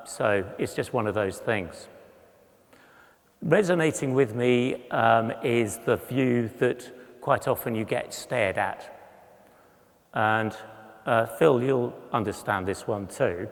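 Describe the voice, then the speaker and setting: Man in his sixties, conference speaker, unhurried, wry storyteller, hall reverb. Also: mid-range voice. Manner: humorous, self-deprecating, acts out voices in anecdotes. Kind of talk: storytelling talk with slides.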